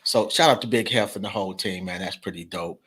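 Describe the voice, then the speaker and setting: A man's voice: sits low, brisk, a bit bright, breathy edge. A middle-aged man hosting a casual podcast, laid-back and slangy, with bursts of laughter. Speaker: podcast host.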